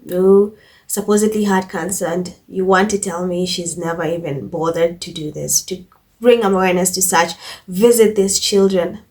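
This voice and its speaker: A woman hosting a commentary channel, reading out news quotes and then giving her own opinions in a casual, emphatic way, often repeating herself and pausing with fillers. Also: medium pitch.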